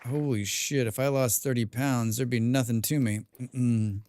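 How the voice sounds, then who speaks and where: A man's voice: medium pitch, fairly even intonation, moderate pace, a little mellow, a faint crowd. A man live-streaming a survival game, reading viewer chat aloud and answering with dry, rambling jokes, humming and mumbling to himself in between.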